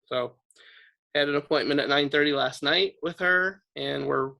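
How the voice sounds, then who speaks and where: A man's voice: a little high, moderate pace, gravelly, pushed and bright, rough recording. A man, an insurance agent, telling a blunt story about a client in a casual team meeting on a video call. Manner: blunt, storytelling with quoted texts.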